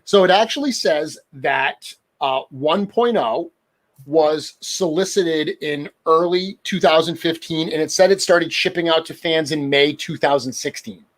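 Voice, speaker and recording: A man's voice: fairly high pitch, a little slow. A middle-aged man with a New England accent, hosting a casual podcast chat and laughing at himself now and then. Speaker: podcast host. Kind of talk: casual chat about toy collecting.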